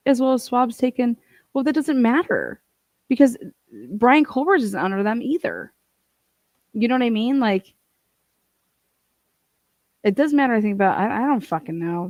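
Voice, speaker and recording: A woman's voice: mid-range voice, darkish tone, no room sound. A woman hosting a casual true crime livestream, swearing freely, laughing and reading court documents aloud. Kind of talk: casual profane livestream commentary.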